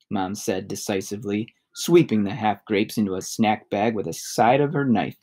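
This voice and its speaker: A man reading a novel aloud in a steady, even narration. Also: on the low side, moderate pace, hardly any pauses. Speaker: audiobook reader.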